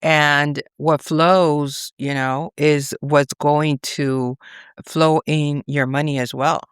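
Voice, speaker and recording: A woman's voice: low-pitched, level tone, takes it slowly, smooth, no echo, studio quality. A woman vlogger giving casual astrology talk, rambling and chatty, often checking in with "okay?" and "you know".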